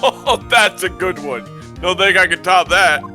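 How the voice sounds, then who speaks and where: A man's voice: high-pitched, measured pace, bright, forceful tone, soft background music, heavily acted. A man voicing a jovial, chummy middle-aged male police chief in a group game read-through. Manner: chummy, joking.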